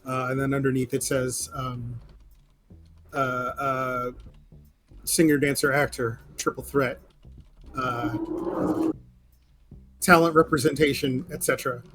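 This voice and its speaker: A man describing his character's actions in a tabletop game, rambling with many pauses. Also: mid-range voice, little pitch movement, fairly bright tone, soft background music. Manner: rambling, lots of uh and um. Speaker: player.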